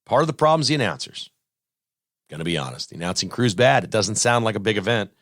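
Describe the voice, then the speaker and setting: A man's voice: on the low side, animated, quick pace, a bit bright, no room sound, clean studio sound. A male sports talk host giving blunt, sarcastic opinions on the news of the week.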